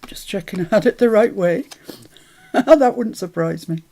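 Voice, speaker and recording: A woman's voice: mid-range voice, expressive, moderate pace. A woman hosts a casual crafting livestream. She talks through each step, mutters to herself as she works, and greets viewers in the chat cheerfully. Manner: chatty, greets viewers brightly, mutters to herself while working.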